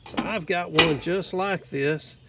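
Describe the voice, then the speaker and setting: A man's voice: a little high, slow pace, gravelly, very noisy. A man with a Southern US accent telling a rambling, casual story in his vlog, with lots of fillers and "anyway.". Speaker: vlogger.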